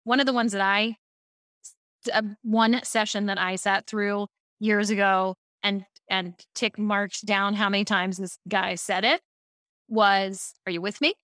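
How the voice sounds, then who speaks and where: A woman from Baltimore, a speaking coach, telling lively stories as a podcast guest. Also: medium pitch, unhurried, clean tone, no echo, clean studio sound. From Baltimore, USA. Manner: lively storyteller, animated asides. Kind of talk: casual podcast interview.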